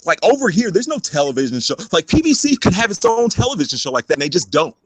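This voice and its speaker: A man in a casual boxing chat, lively and filler-heavy, saying "like" a lot. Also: high-pitched, fast.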